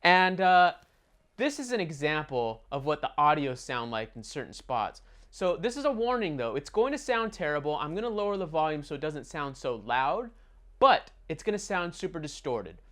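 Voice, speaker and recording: A man delivering a furious, profanity-laced movie review rant. His voice sits a little high and swings wildly up and down as his exasperation builds. He sounds fed up from start to finish. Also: very animated, normal speed, fairly bright tone. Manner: furious, sweary, exasperated ranting.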